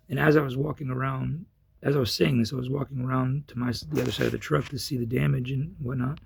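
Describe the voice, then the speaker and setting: A man with a gravelly, husky voice, telling a personal story in a rambling way with many fillers and restarts. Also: medium pitch, fairly even intonation, fast talker, darkish tone, a little hiss or hum. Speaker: vlogger. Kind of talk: casual storytelling.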